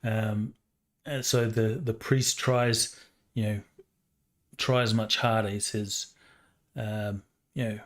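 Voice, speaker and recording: Man, game master, slow, hesitant, lots of fillers. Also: fairly low pitch, little pitch movement. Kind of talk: narrating a tabletop game.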